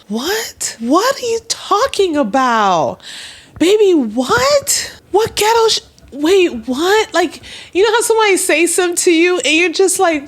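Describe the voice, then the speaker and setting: A young woman, telling a story casually and animatedly, swearing and acting out quoted lines. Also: normal speed. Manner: animated, swearing, acts out quoted dialogue with big pitch jumps. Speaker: storytime vlogger.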